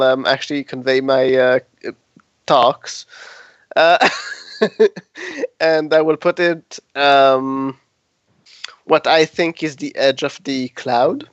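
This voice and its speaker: A man playing a tabletop game, hesitant with many ums and quick to giggle. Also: medium pitch, clean tone, no room sound, dull audio. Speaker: player. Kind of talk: tabletop role-play.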